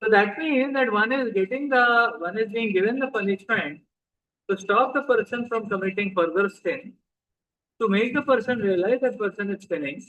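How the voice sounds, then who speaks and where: Man, Indian accent, high voice, conversational sermon, questions to the audience. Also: normal speed, a bit bright, muffled recording. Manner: conversational, asks the audience questions, mixes in Hindi. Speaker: spiritual teacher.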